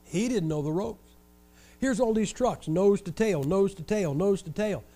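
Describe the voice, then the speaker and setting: An older man from Ohio preaches in a noticeably high voice. He tells his stories with animated energy and lands jokes with dry, wry sarcasm. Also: measured pace. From Ohio, USA. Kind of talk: storytelling sermon.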